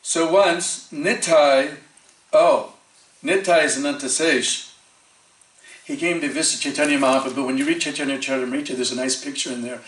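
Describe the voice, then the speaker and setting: Brief: male temple speaker, lively storyteller, recorded from a distance in a roomy hall. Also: a little high, normal speed. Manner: animated storyteller acting out quoted voices, frequent fillers. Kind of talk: storytelling sermon. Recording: echoey hall, distant mic.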